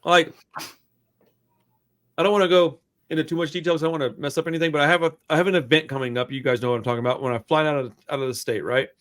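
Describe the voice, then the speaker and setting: A young man with a voice sitting a little high for a guy tells stories on a casual podcast. He swears freely and gets animated, acting out every quote. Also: rapid-fire. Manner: animated, profane, acts out quotes. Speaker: podcast co-host. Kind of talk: casual storytelling chat.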